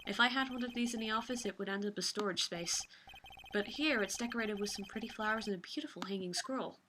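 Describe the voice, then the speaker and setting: A woman's voice: medium pitch, quick pace, noisy background. A woman hosting a let's play, reading game text aloud with playful, sarcastic asides and casual swearing.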